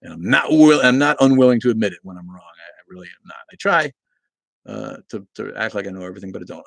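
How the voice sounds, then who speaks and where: Man, very low voice, dry close sound, casual rambling livestream chat. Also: lively intonation, fast talker, vocal fry, fairly bright tone, no room sound. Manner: rambling, many fillers and restarts. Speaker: livestream host reading chat. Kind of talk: casual live-stream chat.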